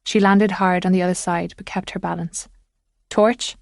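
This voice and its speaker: Measured woman thriller narrator. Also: on the low side, level tone, creaky, no echo, clean studio sound. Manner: measured, suspenseful. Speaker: audiobook narrator.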